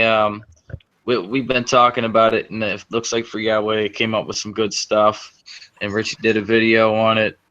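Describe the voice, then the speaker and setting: A man moderating a casual online call, relaxed as he checks in with callers. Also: medium pitch. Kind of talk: casual chat. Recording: dull lo-fi call audio.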